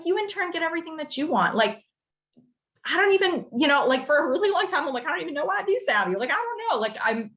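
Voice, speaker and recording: Young woman on a video call coaching her team, rambly and animated, lots of "like", pitch jumps all over. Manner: animated and rambling, heavy use of "like". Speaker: team leader training her sales team. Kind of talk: casual coaching talk.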